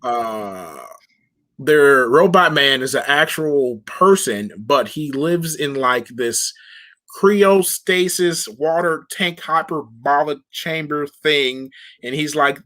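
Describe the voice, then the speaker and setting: A man co-hosting a casual podcast, recapping episodes in animated, slangy talk and acting out characters' lines. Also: fairly high pitch, slow pace. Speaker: podcast co-host. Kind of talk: casual chat recapping a show.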